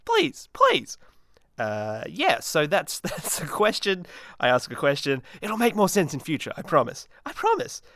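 A man hosting his own solo podcast, rambling in a manic, self-mocking way with many restarts and dark deadpan jokes. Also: a little high, moderate pace, no room sound, clean studio sound. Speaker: podcast host.

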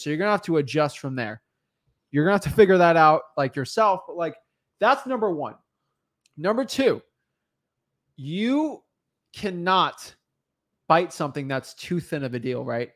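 A chatty man with a somewhat high voice walks through his numbers in a loose, casual way. He keeps dropping "like" and "right?" as he talks. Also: a bit bright. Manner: casual and chatty, uses many "like" fillers. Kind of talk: casual coaching talk.

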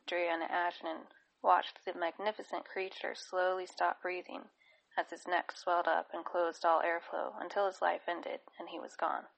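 Woman audiobook narrator, gravelly tone, steady reading pace. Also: fairly low pitch, low-quality recording. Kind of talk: scripted narration.

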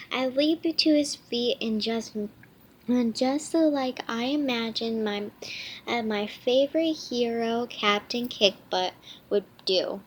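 Woman reading a kids' book aloud, slow and high-pitched, often restarting. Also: a little hiss or hum. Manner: halting, many false starts and self-corrections. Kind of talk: reading a children's novel aloud.

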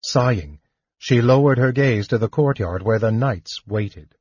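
A man narrating a fantasy audiobook in a measured, even storytelling manner. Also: medium pitch, husky, no echo, lo-fi sound.

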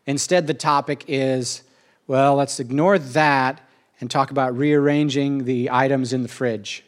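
In a steady, mid-range voice, a middle-aged man delivers a rambling, emotional monologue in a casual tone. His talk is full of repetition and quick asides.

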